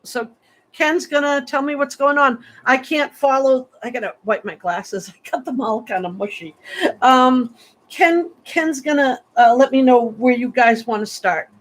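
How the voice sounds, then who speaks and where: A woman's voice: sits high, a little slow. A woman hosting a psychic livestream, talking casually and emotionally to her viewers, gushing and close to tears. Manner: warm, gushing, emotional and tearful. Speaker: psychic reader, livestream host.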